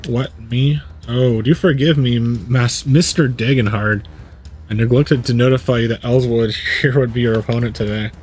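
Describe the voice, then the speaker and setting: A man's voice: medium pitch, fairly even intonation, normal speed, a little mellow, soft background music, close to an everyday voice. Man voicing a polite, flustered fighter caught off guard, game cutscene read-along.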